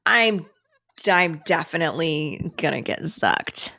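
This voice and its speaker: A middle-aged woman hosting a casual livestream, sarcastic and animated, swearing freely and dropping to whispers for asides. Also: mid-range voice, normal speed. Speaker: livestream host. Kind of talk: casual chat.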